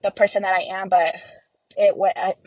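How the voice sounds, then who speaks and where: A woman's voice: medium pitch, flat delivery, a little fast, darkish tone, no echo, rough recording. A woman speaking as an interview guest in a casual, emotional way, with many "like" and "you know" fillers.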